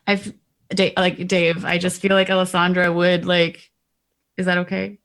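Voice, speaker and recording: A woman's voice: on the low side, level tone, a little slow, a bit bright. A woman player describing her character's actions in a tabletop game, rambling with many fillers.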